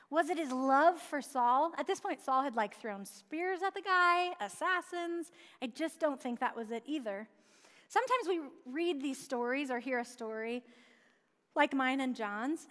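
A woman's voice: high-pitched, fairly bright tone. A woman preaching a sermon in a conversational way, asking rhetorical questions and dropping light asides. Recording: long hall reverb.

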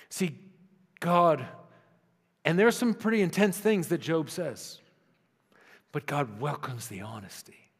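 A male pastor preaches in a relaxed, conversational way, sometimes sinking to a hushed, intimate register. His voice sits slightly high for a man. A long reverb from a large hall follows each phrase. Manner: conversational preaching, dropping to soft intimate tones. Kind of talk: sermon.

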